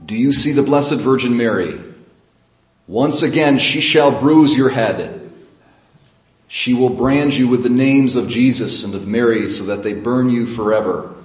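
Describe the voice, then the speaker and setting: A preacher voicing a stern commanding exorcist. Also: male voice, medium pitch, unhurried, reverberant, lo-fi sound, voice pushed up, natural voice. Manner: commanding, forceful. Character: stern older male exorcist priest commanding a demon.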